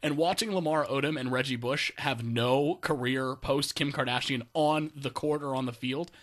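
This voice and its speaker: A man's voice: mid-range voice, normal speed, a bit bright. A young man co-hosting a comedic news chat, sarcastic and jokey. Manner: sarcastic, jokey asides with mock voices. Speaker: co-host.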